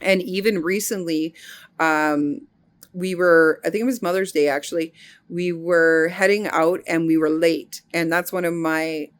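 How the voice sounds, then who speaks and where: A middle-aged woman giving an earnest, unhurried spiritual monologue, often pausing to search for words. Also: lowish voice, steady tone, clean tone. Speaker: spiritual healing teacher.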